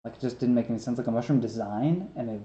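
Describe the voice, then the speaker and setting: A man's voice: medium pitch, fast talker, a crowd in the background. A man in his twenties as a podcast guest, telling rambling stories with lots of fillers, who has trouble with his s sounds. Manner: rambling, filler-heavy storytelling. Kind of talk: casual chat. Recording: roomy, dull lo-fi sound with faint noise.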